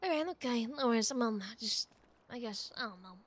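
A woman's voice: fairly high pitch, lively intonation, brisk, no echo. A woman playing a character in a game roleplay, talking in a hesitant way, repeating words and trailing off. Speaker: roleplay player.

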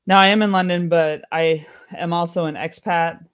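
American guy doing a stand-up set, kinda high voice, dry offhand jokes. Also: fairly even intonation, moderate pace, a bit bright, clean tone. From United States. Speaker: stand-up comedian.

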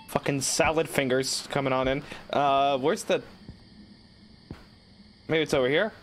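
A man's voice: medium pitch, fairly even intonation, a little slow, pauses often, slight background noise. A man streaming a game, rambling, joking and swearing in casual commentary. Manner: rambling, swearing, jokey outbursts.

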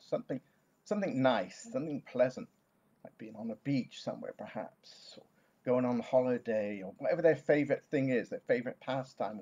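A man who works as a therapist, explaining a calming technique to parents in a gentle, reassuring talk to camera. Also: mid-range voice, lo-fi sound. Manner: gentle, reassuring, repeats soothing words. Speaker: therapist offering online sessions.

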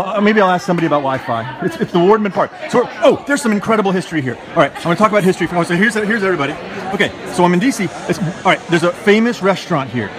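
Flustered man livestreaming from a conference. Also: high-pitched. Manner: flustered, rambling, self-narrating. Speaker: livestreaming attendee. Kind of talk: casual live-stream chatter. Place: busy conference hall with people chatting. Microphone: phone held in hand. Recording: loud crowd chatter behind.

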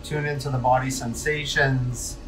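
A man's voice: medium pitch, fairly even intonation, moderate pace, music in the background. A man vlogging from a cold bath in his home bathroom, talking candidly and coaching viewers in a self-deprecating way. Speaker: wellness vlogger. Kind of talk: casual talk to camera.

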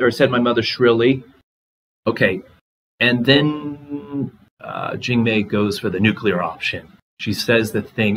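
Husky-voiced man giving a casual lecture. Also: on the low side, a bit bright, rough recording. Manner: casual, conversational, reads passages aloud and comments. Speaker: literature lecturer. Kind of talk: recorded lecture.

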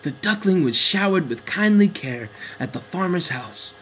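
A man narrating a children's storybook in a gentle, expressive way. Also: high voice, normal speed, a little hiss or hum, low-quality recording.

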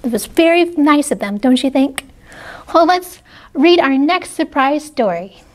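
Children's librarian at story time, high voice, slow and gentle, woman. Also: animated. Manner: gentle, exclamatory, asks children questions. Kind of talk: children's story read-aloud.

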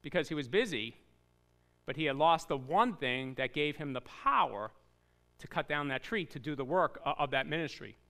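Bright, animated preaching man. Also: fairly high pitch, normal speed. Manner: animated storytelling with voiced asides and rhetorical questions. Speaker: pastor. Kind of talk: sermon. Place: church sanctuary.

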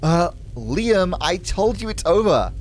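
A man's voice: high-pitched, very animated, slow, full character voice. A man voicing a posh young English woman who firmly turns away her ex-boyfriend. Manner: firm, dismissive.

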